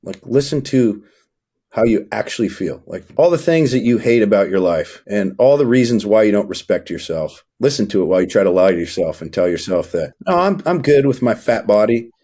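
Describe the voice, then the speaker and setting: A young man with a lowish, brisk voice and dark tone guests on a podcast, coaching fathers. His motivational interview talk is emphatic and preachy, and he acts out scenes as he goes.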